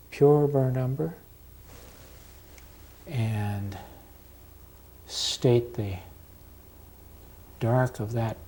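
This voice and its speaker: A man teaching an oil portrait step by step, talking calmly with pauses while he paints. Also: mid-range voice. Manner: slow, unhurried and calm, with pauses while working. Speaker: painting instructor.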